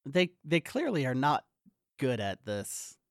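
A man's voice: mid-range voice, huge pitch swings, slow pace, dry recording. Stammering amused man on a dry mic. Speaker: podcast co-host. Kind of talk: casual movie-recap chat.

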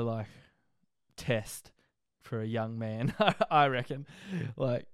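Laid-back young Australian man, smooth voice. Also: medium pitch, fairly even intonation, slow pace, fairly bright tone, no room sound, clean studio sound. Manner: rambling, laid-back, frequent fillers and laughs. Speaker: podcast host. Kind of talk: casual life-story monologue.

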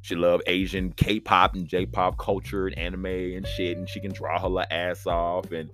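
A man hosting a podcast, telling stories alone in a profane, animated way and acting out the voices he quotes. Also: sits low, normal speed, faint music behind. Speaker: podcast host; father of daughters. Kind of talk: casual solo storytelling.

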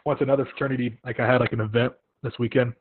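A young man hosting a casual chat, telling animated stories and acting out what people said. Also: medium pitch, very fast. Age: young adult. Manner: animated storytelling with acted-out quotes. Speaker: podcast host. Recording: tinny phone-like line, dry.

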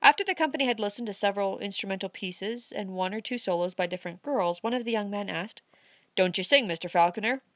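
Dry and clean, the recording captures a female audiobook narrator reading a novel in a mid-range voice. Her storytelling is expressive yet measured, following a script.

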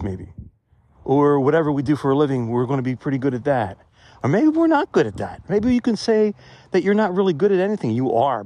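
His voice is fairly high and mellow, with no echo. As he walks through a cemetery holding his phone, this vlogger rambles conversationally through his reflective thoughts.

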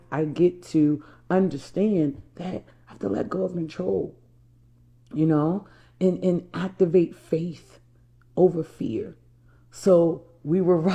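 A woman's voice: sits low, dark tone. A woman from New Jersey, a life coach, telling a personal story to viewers in an emphatic, repetitive way and calling them y'all. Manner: emphatic, repeats herself, addresses viewers as y'all.

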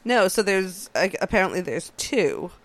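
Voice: medium pitch, very animated, normal speed. A podcast co-host chatting casually, mostly giving brief reactions and reading search results aloud. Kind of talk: casual chat.

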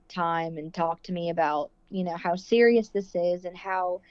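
A woman's voice: lowish voice, a little mellow, no echo. A woman guest telling her birth story in casual conversation, emotional and rambling, with a lot of "like". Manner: emotional, rambling, heavy use of "like". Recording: dull lo-fi dry sound.

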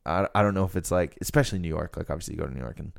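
A man's voice: low-pitched, very fast, creaky. A young man from Rhode Island hosting a podcast, chatting casually and rambling with lots of fillers. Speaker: podcast host. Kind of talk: casual chat.

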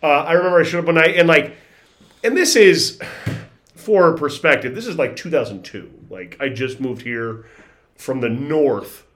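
A man's voice: a little high, lively intonation, normal speed, fairly bright tone. A man in his forties chatting casually as a podcast host, telling long rambling stories and acting out quoted voices. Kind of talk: casual chat.

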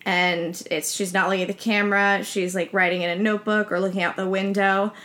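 A woman's voice: mid-range voice, level tone, a little fast, a bit bright. Woman, casual podcast chat, rambling film recap, filler-heavy. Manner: chatty retelling with many fillers.

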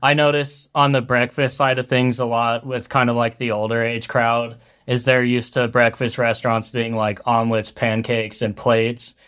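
A young man from Colorado talks casually about his business as an interview guest. His delivery is flat and even, with little rise and fall, and he rambles loosely, leaning on fillers as he thinks aloud. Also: mid-range voice, normal speed, hardly any pauses, smooth. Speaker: food truck owner, guest.

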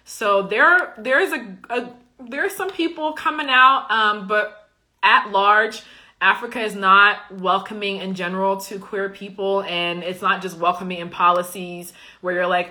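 A woman's voice: lowish voice, fairly even intonation, unhurried, pushed and bright. A Liberian-born woman who works as a coach, chatting casually while answering viewer comments, chatty and emphatic. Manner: chatty, emphatic, often says "okay?". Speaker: coach and live-stream host.

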